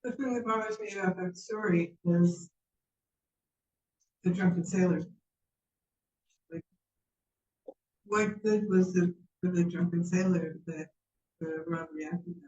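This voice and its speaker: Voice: medium pitch, fairly even intonation, unhurried, long pauses, a little mellow, reverberant, lo-fi sound. A class participant raising a troubled question about a story.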